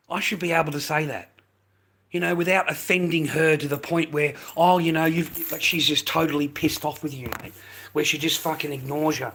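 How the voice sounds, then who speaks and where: A man's voice: fairly high pitch, steady tone, fairly quick, vocal fry, fairly bright tone, husky, low-quality recording. An Australian man hosting a livestream, ranting bluntly at his viewers in a profane, slangy, lecturing way. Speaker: livestream host.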